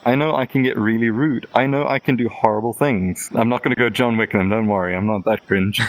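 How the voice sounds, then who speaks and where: A man's voice: fairly low pitch, fairly even intonation, a little fast, low-quality recording. A man guest on a podcast, candidly telling a personal story in casual chat, acting out both sides of the exchanges and laughing now and then. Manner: candid, rambling storytelling with quoted back-and-forth.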